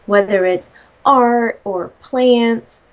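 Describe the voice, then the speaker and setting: A woman's voice: fairly high pitch, extremely slow. A woman relaying messages as a medium in casual conversation, chatty, laughing often and swearing freely. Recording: slightly dull lo-fi audio.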